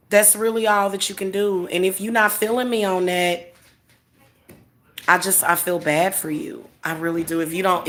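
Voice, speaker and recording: A woman's voice: fairly low pitch, a bit bright. Emphatic, chuckling woman livestream host. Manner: emphatic and repetitive, chuckling often. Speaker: spiritual reader and livestream host. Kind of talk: casual livestream talk to viewers.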